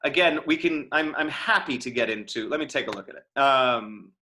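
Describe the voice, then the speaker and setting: In a live online lecture Q&A, an acting teacher on a video call chats casually through questions from the chat, thinking aloud with many fillers and restarts. His voice is medium pitch, pushed and bright, at normal speed, with a little hiss or hum.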